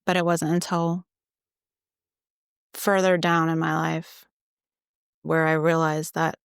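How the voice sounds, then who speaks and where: A woman with a low, gravelly voice recounts her faith story in a relaxed, conversational way. She acts out her own past thoughts as little quotes. The sound is dry and close to the mic. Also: slow pace, no room sound. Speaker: church ministry assistant, interview guest. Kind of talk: casual faith-story interview.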